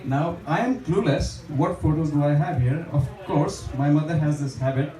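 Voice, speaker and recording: A man's voice: fairly high pitch, normal speed, warm tone. Young man doing chatty stand-up. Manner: chatty, self-deprecating, lots of fillers. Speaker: stand-up comedian. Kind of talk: open mic stand-up. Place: small bar stage with a live audience. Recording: echoey bar room, distant mic, audience laughter.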